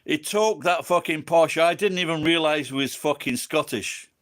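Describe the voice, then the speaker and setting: English guy a bit drunk, rambling and swearing nonstop at his stream chat, voice on the high side. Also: normal speed, a bit bright. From England. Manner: profane, rambling, swears constantly. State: tipsy from drinking. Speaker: livestreamer chatting with viewers.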